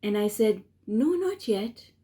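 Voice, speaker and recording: Slow, gentle woman telling a story. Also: mid-range voice, big pitch swings. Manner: gentle, measured and earnest. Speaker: spiritual teacher answering a viewer question. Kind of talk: reflective personal storytelling.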